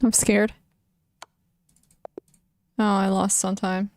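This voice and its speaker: Slow-talking young woman chess streamer. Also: medium pitch, little pitch movement, darkish tone, no echo, studio quality. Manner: emotional, talks to her chat, frequent "like" fillers. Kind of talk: casual live-stream chat.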